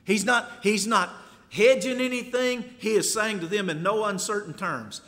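A man preaching a sermon in an emphatic voice, building to loud exhortation. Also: sits high, normal speed, in a large hall.

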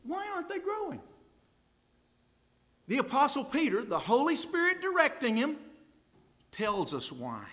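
Man preaching a sermon, high voice that jumps around a lot, folksy, goes quiet then gets loud. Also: huge pitch swings, measured pace, pauses often. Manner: impassioned, swings from hushed to loud climaxes; folksy, talks straight to the congregation.

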